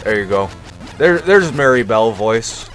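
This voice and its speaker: A man's voice: medium pitch, animated, unhurried, soft background music. A man streaming a video game and commenting casually, with profane, self-mocking jokes.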